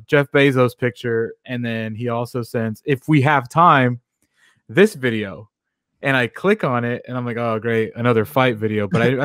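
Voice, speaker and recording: A man's voice: medium pitch, fairly bright tone, no room sound, clean studio sound. A man co-hosting a sports talk radio show, telling a funny story through laughter. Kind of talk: casual show banter.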